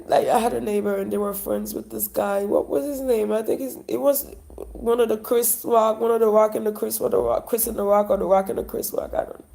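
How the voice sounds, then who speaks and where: A woman with a Haitian accent delivering a rambling, emotional monologue. She sighs often and swings between loud talk and whispers. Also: medium pitch, creaky. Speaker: vlogger.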